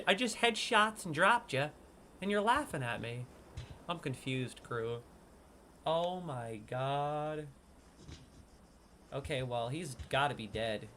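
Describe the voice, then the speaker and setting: A man streaming a game and talking his viewers through it, his voice lively and bouncing in pitch. His tone is bright, and he drops to a hush while sneaking, then bursts out loudly when things go wrong. A faint noise sits under the recording. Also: takes it slowly, long pauses. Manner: excitable, swings from hushed sneaking to loud outbursts. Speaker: gaming streamer. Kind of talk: casual gameplay commentary.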